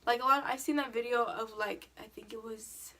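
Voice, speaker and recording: A woman's voice: on the high side, fairly even intonation, normal speed, background noise. A teenage girl telling stories and answering questions in a casual vlog, chatty and full of "like". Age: teens. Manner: chatty storytelling, lots of "like". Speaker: vlogger.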